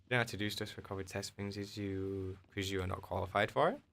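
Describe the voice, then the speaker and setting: A man's voice: fairly low pitch, steady tone, fast, gravelly, fairly bright tone. A man with an English accent, a game streamer in casual chat with his viewers, joking and answering their questions. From England.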